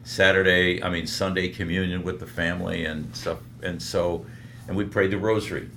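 Deep-voiced older man telling stories. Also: moderate pace, slight background noise. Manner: animated storyteller with frequent restarts. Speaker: guest, veteran radio broadcaster. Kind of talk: storytelling in a casual interview.

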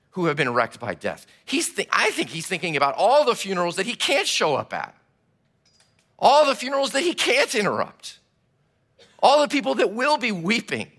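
A man preaching a sermon, telling the story with animated, acted-out delivery. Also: high-pitched. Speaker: pastor.

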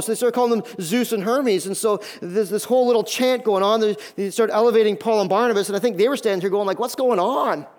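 A male pastor delivers a sermon in an animated, high-pitched voice. He often doubles up his words as he pushes a point home. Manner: animated, repeats words when building emphasis.

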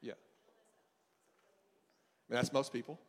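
A man's voice: mid-range voice, steady tone. Man teaching casually in an echoing hall. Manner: casual, conversational, with asides and quick restarts. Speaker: marriage and family counselor teaching a seminar. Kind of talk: faith-based teaching talk.

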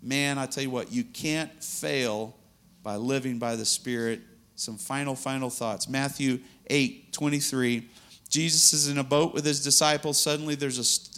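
A man's voice: mid-range voice, fairly bright tone. A man preaching a sermon in an earnest, conversational way, laughing now and then between points.

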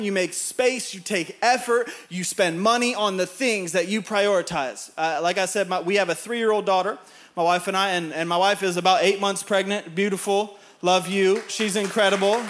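A man in his thirties preaching a sermon, telling a family story with laughs, then building to shouted emphasis. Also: high voice. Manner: laughs through his own anecdotes.

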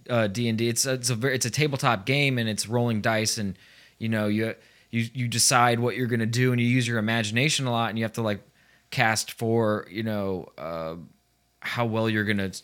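On a podcast, a male co-host with a mid-range, slightly bright voice chats casually, wandering off track and using plenty of fillers.

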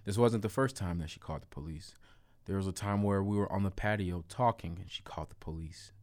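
A man's voice: low-pitched, a little fast, dry recording. A man casually telling a personal story to camera, emphatic and repeating points for effect. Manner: animated, emphatic, repetitive asides. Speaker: storyteller vlogger.

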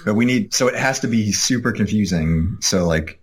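A man's voice: on the low side, animated, moderate pace, breathy edge. A man co-hosting a podcast in casual chat, chatty and often restarting his sentences. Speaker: podcast co-host.

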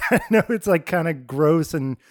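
A man's voice: a little high, lively intonation, a little slow, no room sound, clean studio sound. A young adult man co-hosting a podcast, chatting casually and rambling with lots of "like". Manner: rambling, heavy use of "like". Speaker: podcast co-host. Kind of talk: casual chat.

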